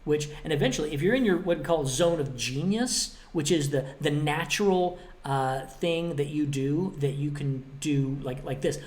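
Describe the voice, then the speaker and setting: A man's voice: on the high side, a little mellow. A man hosting his own motivational podcast, talking emphatically and bluntly, with a little cheek, and acting out both sides of imagined exchanges. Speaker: podcast host.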